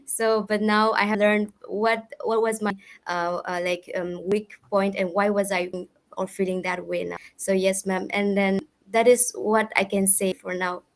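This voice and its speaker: A woman's voice: mid-range voice, flat delivery, unhurried, low-quality recording. A woman student, answering interview questions politely and hesitantly with many fillers. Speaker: student, exam topper.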